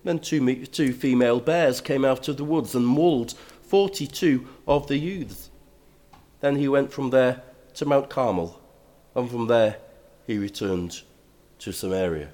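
Slow, measured older male preacher. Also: medium pitch, warm tone. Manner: slow, measured, grows emphatic. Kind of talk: sermon with scripture reading.

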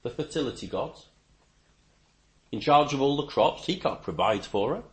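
A man preaching a sermon, emphatic, with stammering restarts and sudden rises in pitch and volume. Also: lively intonation, normal speed.

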